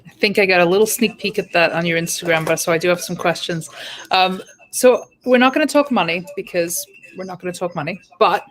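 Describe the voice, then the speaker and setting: A woman hosting a candid chat with an artist. She asks her questions in a measured, conversational manner, with a voice lower than most women's. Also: a bit bright, poor audio. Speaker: interviewer host.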